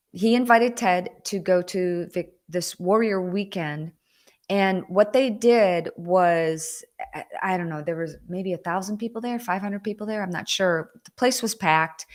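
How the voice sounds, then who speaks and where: A middle-aged woman chatting casually to viewers on a live video, rambling and getting emotional as she talks. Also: lowish voice. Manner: frequent restarts and fillers. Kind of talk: casual live-stream chat.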